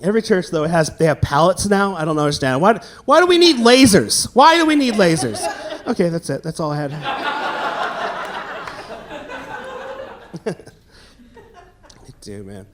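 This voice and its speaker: A young man doing stand-up comedy with a high voice that climbs and swoops all over. He tells his stories with lots of animation and bursts into shouted quotes of the people in them. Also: sing-song, measured pace, long pauses, noisy background. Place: comedy stage before a live audience.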